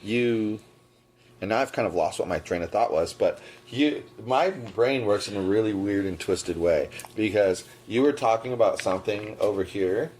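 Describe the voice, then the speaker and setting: A man's voice: fairly low pitch, moderate pace, darkish tone. A man co-hosting a podcast in casual chat, making wry, joking asides. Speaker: podcast co-host.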